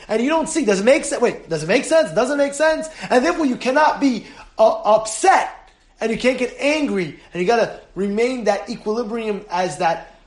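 A man, a rabbi giving a lively Torah class to his congregation, laughing often and acting out voices. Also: very high voice, echoey room. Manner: animated, laughing, acts out voices.

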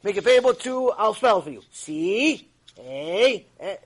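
A man voicing a greedy, mocking well-owner in a spoken story, loud and taunting. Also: very high-pitched, lively intonation, unhurried, pitched above the performer's own voice, full character voice, low-quality recording.

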